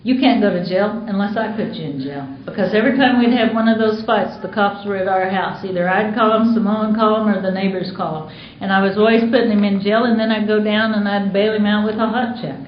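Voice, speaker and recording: A woman's voice: mid-range voice, fairly even intonation, brisk, few pauses, slight background noise. A woman from the United States sharing her story at a recovery meeting, candid and storytelling, acting out quoted dialogue. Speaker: Al-Anon speaker. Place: meeting hall. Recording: roomy dull conference recording.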